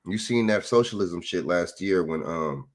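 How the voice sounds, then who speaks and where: A man's voice: low voice, lively intonation, normal speed. A man, ranting casually into a phone, rambling and profane with repeated rhetorical questions. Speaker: commentator. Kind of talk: casual political rant.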